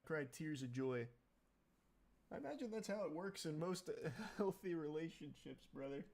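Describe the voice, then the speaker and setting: A man's voice: fairly high pitch, animated, moderate pace, a little mellow. A man giving wry, sarcastic commentary on a video.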